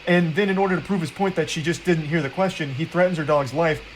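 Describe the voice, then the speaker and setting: A man's voice: fairly high pitch, quick pace, slight background noise, low-quality recording. A man commenting on a clip in a mocking, sarcastic way. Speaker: commentator in the reacted video.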